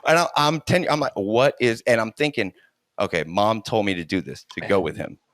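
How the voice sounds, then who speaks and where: A middle-aged man with a somewhat low voice spins a long personal story in a relaxed chat. He is animated, breaks into laughter often and restarts sentences mid-thought. The sound is dry and close, with little room around it. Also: a little fast, no echo.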